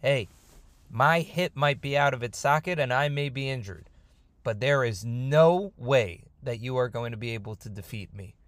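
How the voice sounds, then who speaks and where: A man's voice: mid-range voice, moderate pace, no room sound, lightly acted. A man voicing a stubborn grown biblical patriarch who talks in a chatty, modern, emphatic way. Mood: defiant.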